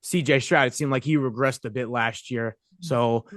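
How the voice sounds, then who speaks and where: A man's voice: medium pitch, moderate pace, fairly bright tone, no room sound, clean studio sound. A young man with a New Jersey accent, chatting easily as an interview guest, laughing often and giving confident predictions. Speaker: guest, sports content creator. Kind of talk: casual interview chat.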